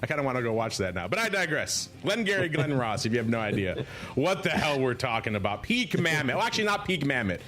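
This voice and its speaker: Animated, digressive male podcast host. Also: medium pitch, quick pace, soft background music. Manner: animated, digressive, quotes movie lines. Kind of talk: casual podcast banter.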